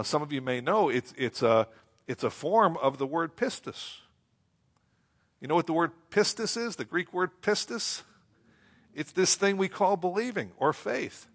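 A male pastor preaching a sermon in a conversational way, asking rhetorical questions, repeating phrases and slowing down to read scripture. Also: on the high side, a bit bright.

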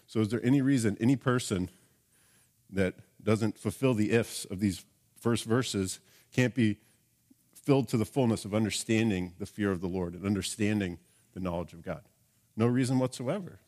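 Earnest lower-voiced male preacher. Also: a little mellow. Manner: earnest, asks the congregation rhetorical questions. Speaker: pastor. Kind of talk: sermon.

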